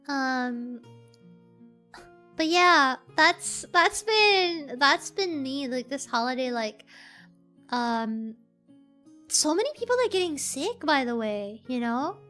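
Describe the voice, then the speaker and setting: A young woman with a very high, sharp, bright voice rambles casually to her stream chat, full of "like" and little giggles. Soft background music plays faintly under her close-mic'd talk. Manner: rambling, filler-heavy, giggly. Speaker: VTuber streamer. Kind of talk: casual chat with livestream viewers.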